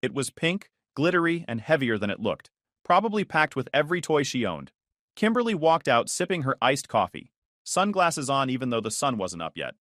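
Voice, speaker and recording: A man's voice: medium pitch, sing-song, moderate pace, fairly bright tone, no room sound. A man narrating a first-person story with a dry, sarcastic delivery.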